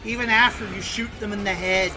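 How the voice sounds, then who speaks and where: A man's voice: sits high, steady tone, brisk, over music. A man streaming a game and chatting casually in a sarcastic, rambling way. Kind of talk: casual gaming commentary.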